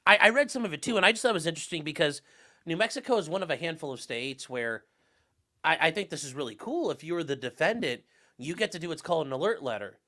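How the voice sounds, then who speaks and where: A man talking as a lawyer panelist in a casual panel discussion, animated and joking, with quick restarts. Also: on the high side.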